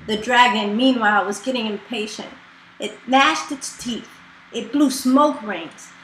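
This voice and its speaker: A woman reading a children's picture book aloud in a slow, expressive storytelling manner, in an echoey room. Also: fairly high pitch. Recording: echoey room with faint noise.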